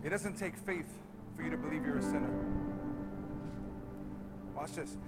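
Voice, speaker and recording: A male pastor preaching a sermon to a congregation in a large church, moving between quick, quiet asides and loud, drawn-out shouting. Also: on the high side, over loud music.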